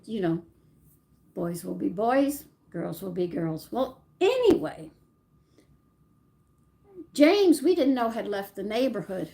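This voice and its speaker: An older woman telling family stories from her childhood in a rambling, animated way, often stopping to correct herself. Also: medium pitch. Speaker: channel host. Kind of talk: personal storytelling.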